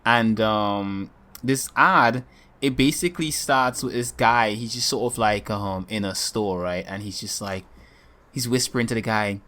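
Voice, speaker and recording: A man co-hosting a podcast in casual chat, talking in a rambling, halting way with lots of ums and restarts. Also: on the low side, sharp tone. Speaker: podcast co-host.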